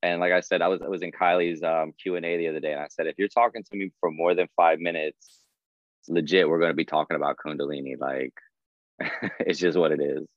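A man talking casually on a podcast, animated and laughing as he acts out what people said. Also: sits low, brisk, no room sound, muffled recording. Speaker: podcast guest.

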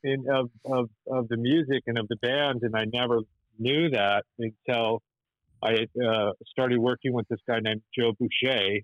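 A man's voice: medium pitch, steady tone, unhurried, no echo. Guy rambling through old stories on a podcast, lots of restarts, muffled lo-fi sound, dry. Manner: rambling, many restarts and filler words. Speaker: animator and musician guest. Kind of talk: storytelling interview.

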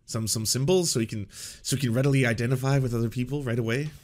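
A man's voice: mid-range voice, quick pace. A man hosting a commentary show, reacting to clips in a sarcastic, mocking and profane way.

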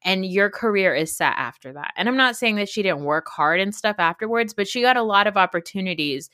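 A woman's voice: mid-range voice, expressive, a little fast, pushed and bright, no echo, studio quality. A woman in her thirties co-hosting a casual pop-culture gossip podcast, talking frankly and rambling, swearing freely. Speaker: podcast co-host.

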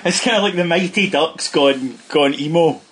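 A man's voice: fairly high pitch, moderate pace, a bit bright, a little hiss or hum. A Scottish man co-hosting a podcast, telling long rambling anecdotes in casual chat and laughing at his own stories. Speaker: podcast co-host.

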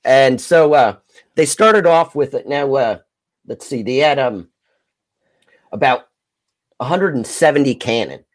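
A man's voice: mid-range voice, lively intonation. Man rambling through history on a podcast. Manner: rambling, halting with fillers. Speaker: podcast host. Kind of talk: casual history talk.

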